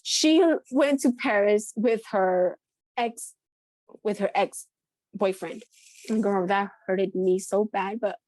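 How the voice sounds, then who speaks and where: Woman cohosting a book podcast, rambly and giggly, dead dry mic, middle pitch. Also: darkish tone, no room sound. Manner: chatty, laughs often, many restarts. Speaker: podcast co-host. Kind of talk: casual chat.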